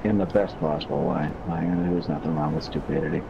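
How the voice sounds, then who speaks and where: A man's voice: a bass voice, fairly even intonation, fast, vocal fry. A man chatting casually while playing a video game, rambling through crude jokes and laughing at them. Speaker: gamer. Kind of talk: casual gaming chat. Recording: muffled mic with noisy background.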